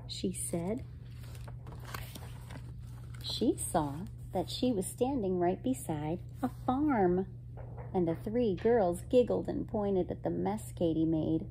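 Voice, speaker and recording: A woman reading a children's picture book aloud, expressive and gentle, asking her listeners questions. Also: mid-range voice, slow, a little hiss or hum, low-quality recording. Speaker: storyteller.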